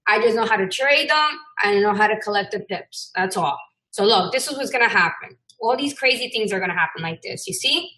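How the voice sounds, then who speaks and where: A woman teaching a trading lesson in a casual screen-share style, brash and blunt, swearing freely and swinging between loud bursts and muttering. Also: mid-range voice, animated, fairly quick, rough recording. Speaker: trading instructor.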